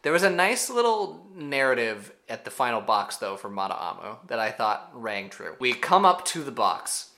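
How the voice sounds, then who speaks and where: A man co-hosting a podcast, recapping an episode in casual chat with animated storytelling. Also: mid-range voice. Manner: animated storytelling with quick asides. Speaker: podcast co-host.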